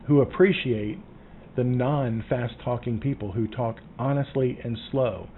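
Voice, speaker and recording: Male sales coach from the American South, mid-pitched, talks up then sinks to a hush; thin phone-like audio with faint hiss. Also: moderate pace. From Southern United States. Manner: emphatic, drops to a low hush for key points. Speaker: insurance sales trainer. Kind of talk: casual teaching monologue. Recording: tinny phone-like sound with faint noise.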